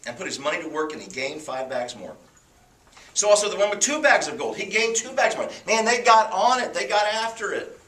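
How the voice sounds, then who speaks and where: Man preaching in a roomy hall. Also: moderate pace. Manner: animated storytelling, dramatic pitch swings. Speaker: pastor. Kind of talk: sermon. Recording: echoey hall from far off.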